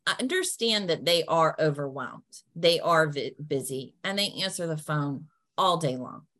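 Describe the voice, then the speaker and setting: Woman, lowish voice, easygoing advisor, friendly and practical in a Q&A. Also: expressive, moderate pace, a bit bright. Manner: friendly and down-to-earth, acts out polite phone lines. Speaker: patient advocate answering questions. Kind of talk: practical advice in a Q&A.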